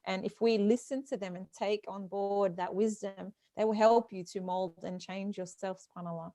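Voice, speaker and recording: A woman's voice: medium pitch, fairly even intonation, moderate pace, dark tone, dry recording. A woman hosting a live online talk, speaking emphatically and encouragingly, heard over a video call. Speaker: host.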